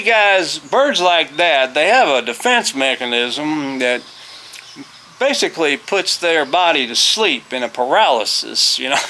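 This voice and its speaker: Man, middle-aged, bright voice, rambling folksy storytelling, outdoors, faint insect and bird ambience. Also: on the high side, slight background noise. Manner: rambling, folksy, with many fillers and restarts. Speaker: vlogger, former teacher. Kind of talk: casual storytelling. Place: outdoors on a farm.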